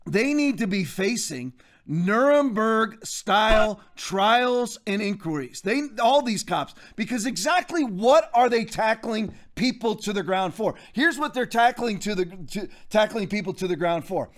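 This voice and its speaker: A man's voice: high-pitched, lively intonation, unhurried. A man in his fifties hosting a political commentary show, ranting emphatically and addressing listeners directly. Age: 50s. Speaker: show host.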